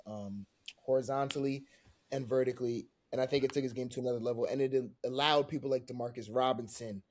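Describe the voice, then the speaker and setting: A young man co-hosting a casual sports podcast, giving emphatic opinions and getting louder when he is worked up. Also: steady tone, quick pace. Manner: emphatic, gets loud and high when worked up. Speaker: podcast co-host.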